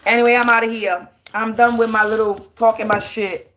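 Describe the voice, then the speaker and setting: A woman's voice: a little high, level tone, brisk, a bit bright, slight background noise. A woman, a spiritual reader, ranting on a livestream in a blunt, profane and preachy way, drawing out words for emphasis. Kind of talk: livestream rant.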